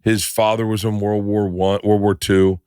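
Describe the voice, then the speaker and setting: A lower-voiced man, chatty and rambling. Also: flat delivery, moderate pace, warm tone, smooth, no echo, studio quality. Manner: rambling, repeats himself, swears casually. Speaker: co-host, husband. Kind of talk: casual podcast chat.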